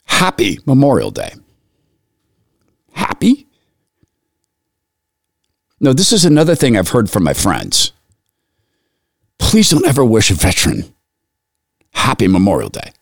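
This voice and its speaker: Earnest man, lively storytelling voice. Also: on the low side, vocal fry, dry recording, studio quality. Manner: earnest, emotional storytelling with pauses and restarts. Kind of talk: personal storytelling commentary.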